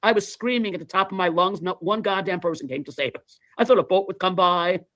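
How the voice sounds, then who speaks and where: A man hosting a livestream, chatting casually as an animated, profane storyteller who repeats himself. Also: sits high, fairly quick, no echo. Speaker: livestream host. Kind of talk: casual chat.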